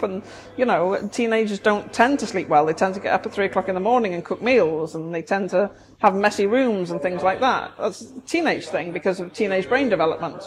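A woman therapist, chatting casually and explaining things with everyday examples. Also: mid-range voice. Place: busy coffee shop. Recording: noisy coffee shop recording. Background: café crowd chatter.

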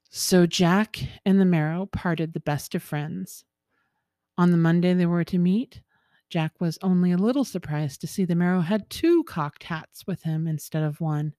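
Expressive woman reading a folktale. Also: fairly low pitch, unhurried, no echo, studio quality. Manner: lively, expressive storytelling with chuckles. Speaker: storyteller.

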